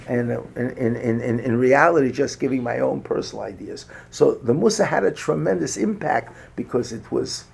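Gravelly halting older male lecturer. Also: mid-range voice, a little mellow. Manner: halting, many restarts and fillers; rising emphasis on lists. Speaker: rabbi lecturer. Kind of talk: Torah lecture. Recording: faint background noise.

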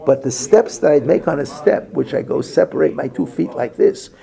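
A rabbi leads a Torah class for a group, telling stories and weaving in Hebrew and Yiddish terms. His voice runs on the high side, creaky yet warm, and a crowd can be heard in the background.

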